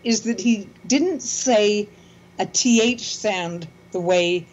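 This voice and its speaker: An older woman in a casual conversation, speaking in a calm, measured way and telling stories. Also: medium pitch, highs cut off.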